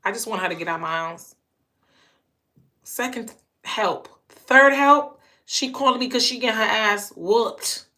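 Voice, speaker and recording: A woman talks straight to her audience in a loose, casual storytelling monologue. Her voice is bright and forceful. She drives each point home by saying key lines two or three times. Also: fairly high pitch, measured pace. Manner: emphatic, repeats phrases for punch. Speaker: channel host.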